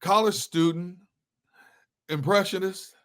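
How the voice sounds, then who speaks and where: Male host, sports interview, effusive, enthusiastic, slightly high voice. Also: takes it slowly, a bit bright.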